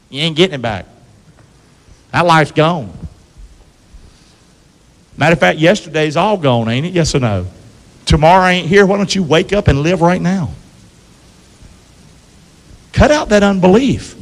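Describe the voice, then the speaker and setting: A male pastor delivers an animated sermon, his fairly high voice ringing through a church sanctuary with a long reverb tail. He keeps asking the congregation to answer back. He swings from loud calls down to low, close asides. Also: unhurried, pauses often. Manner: call-and-response preaching, asks the congregation to answer.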